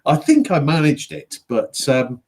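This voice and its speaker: A man's voice: on the high side, big pitch swings, measured pace, creaky, darkish tone. A middle-aged man from Yorkshire who narrates audiobooks, chatting loosely with a lot of fillers and restarts. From Yorkshire, England. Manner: rambling, many fillers and restarts. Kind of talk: casual conversation, online book club.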